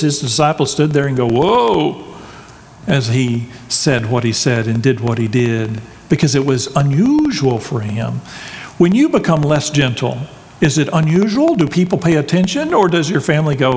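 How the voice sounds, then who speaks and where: Pastor preaching, folksy jokes, slightly high voice, long reverb. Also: male voice, animated, moderate pace, a little mellow, slight background noise. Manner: conversational with folksy asides and jokes. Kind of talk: sermon.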